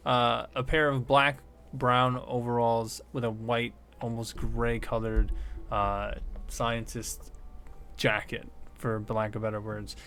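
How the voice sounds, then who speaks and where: A man running a tabletop game as game master, describing scenes in a halting way with many fillers. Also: mid-range voice, flat delivery, fairly bright tone, faint music behind.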